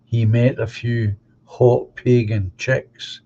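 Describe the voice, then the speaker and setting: In casual livestream chat, a middle-aged man with a Glaswegian accent reads out viewer comments and responds bluntly and opinionatedly. His medium-pitched voice is slow, level and dark, and the audio sounds dull.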